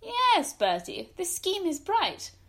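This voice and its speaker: An actress playing a brisk, formidable aunt in a comic radio drama, with a scornful, commanding manner. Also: female voice, very high voice, wildly swooping pitch, creaky, a bit bright, exaggerated voice. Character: brisk formidable middle-aged English aunt.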